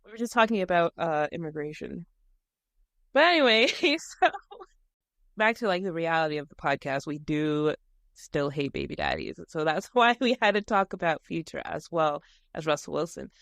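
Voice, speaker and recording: Lively, giggly woman podcast co-host. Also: low voice, normal speed, no echo, studio quality. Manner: giggly, animated storytelling. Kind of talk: casual chat.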